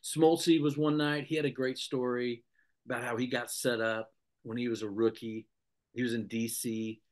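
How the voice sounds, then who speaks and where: A middle-aged man spins stories in a relaxed interview. His voice sits at an ordinary pitch for a man, and he jumps into the voices of the people he quotes. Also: moderate pace. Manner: animated anecdote-telling, acts out the people he quotes. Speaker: guest, former TV sports anchor. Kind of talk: casual storytelling in a podcast interview.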